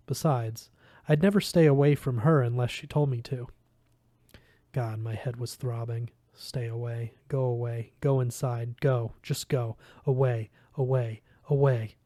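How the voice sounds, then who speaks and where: A man reads a novel aloud, narrating in the first person at a steady pace. His voice is mellow and relaxed. The recording is dry and close. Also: mid-range voice, no echo. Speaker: reader.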